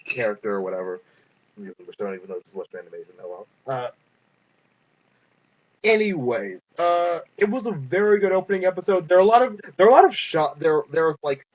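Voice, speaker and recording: A young man casually reviewing a cartoon episode, rambling with lots of fillers and the odd swear word. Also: mid-range voice. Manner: rambling, filler-heavy, profane. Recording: dull lo-fi sound.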